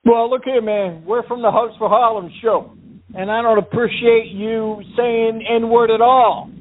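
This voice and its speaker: A man's voice: very high-pitched, unhurried. A prank caller voicing an aggressive, hot-tempered tough guy making repeated threats. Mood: furious. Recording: tinny phone line.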